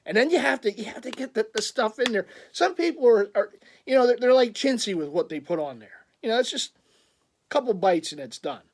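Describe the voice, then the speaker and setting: A man chatting casually in a vlog, rambling and excitable, laughing often. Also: very high-pitched, a little fast. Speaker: vlogger.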